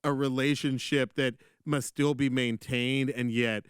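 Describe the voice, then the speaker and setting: Chatty man, smooth clear voice. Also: medium pitch, a little slow, dry recording, clean studio sound. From Atlanta, USA. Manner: animated, lots of fillers and restarts. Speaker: podcast co-host. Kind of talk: casual music discussion.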